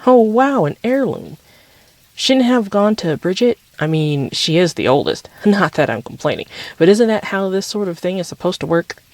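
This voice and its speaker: A man voicing a spirited, defensive teenage girl in a read-aloud story, pitching his voice up for her. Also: animated, moderate pace, few pauses, no echo. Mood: touched.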